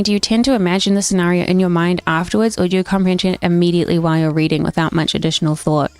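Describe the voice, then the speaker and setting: A young woman chats casually with viewers on a cosy gaming stream, reading bits of game dialogue aloud. Her voice sits at a medium pitch and is recorded close and dry on a desk mic. Soft music plays quietly behind her. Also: no echo. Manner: chatty, friendly, often reads game dialogue aloud.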